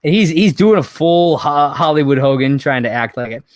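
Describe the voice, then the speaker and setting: A man's voice: on the high side, animated, normal speed, no room sound, clean studio sound. A man co-hosting a podcast, recapping wrestling events in casual, profane, exasperated storytelling. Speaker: podcast co-host.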